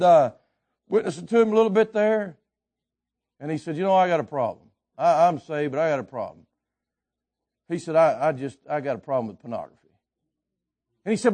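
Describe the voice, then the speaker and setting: A man preaching a sermon, telling stories with folksy asides and swinging from quiet remarks to shouts. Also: a little high.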